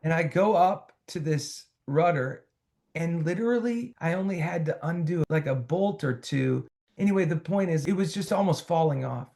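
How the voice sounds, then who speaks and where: A singer-songwriter man telling a long, animated story in a conversational podcast interview. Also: a little high, normal speed, vocal fry. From United States. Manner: animated storyteller, quoting others in his own voice.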